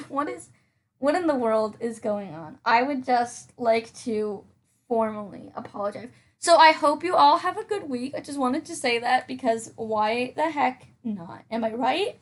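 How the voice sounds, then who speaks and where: A woman's voice: a little high, slow. A young woman rambling casually over her gameplay, often mocking herself and talking to herself. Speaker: gaming channel host.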